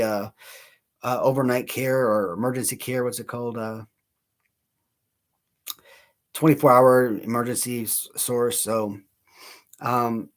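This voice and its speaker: A man in his thirties hosting a casual livestream, rambling and laughing at himself between stories. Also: mid-range voice. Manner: rambling, self-mocking, laughs often, many restarts. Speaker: channel host.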